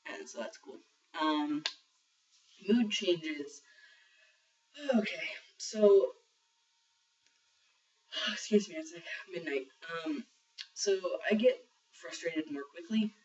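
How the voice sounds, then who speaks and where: A man's voice: fairly high pitch, slow pace, long pauses. A young trans man talking casually in a video diary, rambling with lots of ums and the odd swear word. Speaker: vlogger sharing a transition diary. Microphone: built-in camera mic. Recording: muffled lo-fi camera audio from a distance.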